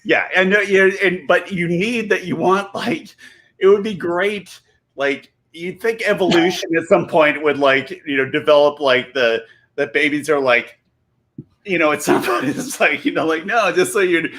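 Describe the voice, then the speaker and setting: Tipsy, rambling comedian. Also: male voice, fairly high pitch, normal speed, a bit bright. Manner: rambling, self-interrupting, laughs mid-sentence. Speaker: guest comedian. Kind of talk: casual comedic storytelling.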